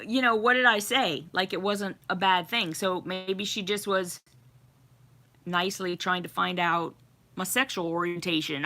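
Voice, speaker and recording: Giggly chatty woman on a home livestream. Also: mid-range voice. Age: middle-aged. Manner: giggly, chatty, warm greetings to viewers. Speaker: livestream host. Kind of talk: casual live chat reading comments. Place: home with a fireplace.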